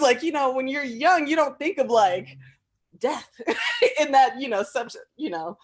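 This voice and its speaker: A woman's voice: sits high, measured pace, slightly rough. A woman casually sharing personal memories as an interview guest, chatty and full of fillers, often laughing. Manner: animated when quoting people.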